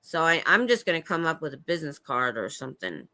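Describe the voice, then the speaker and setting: A woman's voice: deep voice, sing-song, fast, sharp tone. A middle-aged woman hosting a rambling, casual livestream from home. She chats, often trails off and restarts, and answers viewers' comments as she goes. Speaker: livestream host. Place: at home indoors.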